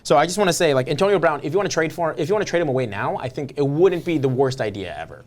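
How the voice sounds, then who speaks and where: A man with a fairly high voice that rises and falls a lot, co-hosting a casual podcast. He rambles loosely, full of little fillers. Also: lively intonation, very fast, darkish tone. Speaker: podcast co-host.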